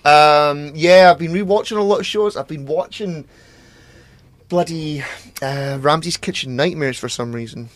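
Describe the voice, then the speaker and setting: A man's voice: on the high side, measured pace, no echo. A man co-hosting a podcast in casual chat, rambling with many fillers and plenty of swearing. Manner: rambling, hesitant, swears freely. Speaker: podcast co-host.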